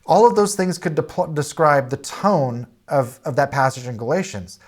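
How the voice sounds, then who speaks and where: A man's voice: on the high side, lively intonation, normal speed. Plain-spoken man teaching a Bible lesson. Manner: plain-spoken, with frequent "uh" and restarts; explains with lists of example words.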